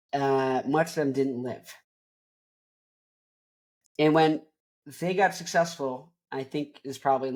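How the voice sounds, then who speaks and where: A man in his twenties hosting a show, talking casually in a rambling, tangent-prone way. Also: fairly high pitch. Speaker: host. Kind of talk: casual chat.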